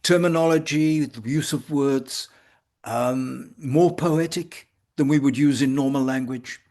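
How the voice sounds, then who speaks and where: An older man with a mid-range voice speaks slowly and reflectively. He pauses often and picks his words with care, talking from his consulting room at home. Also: medium pitch, darkish tone. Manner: measured, halting with frequent pauses. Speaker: homeopath guest. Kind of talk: reflective conversation.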